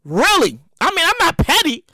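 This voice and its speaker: A woman in her late thirties with a Brooklyn accent hosts a comedy podcast on her own. Her high, bright voice leaps around as she exclaims and repeats herself loudly. The sound is close and dry. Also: wildly swooping pitch, moderate pace, dry recording. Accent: New York, Brooklyn. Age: late 30s. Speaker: podcast host. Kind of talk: solo comedic podcast monologue. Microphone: studio microphone.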